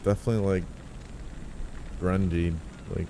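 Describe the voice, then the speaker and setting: A man streaming a game, chatting casually in a rambling, profane, excitable way. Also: deep voice, normal speed, slight background noise. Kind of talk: casual gaming stream chat.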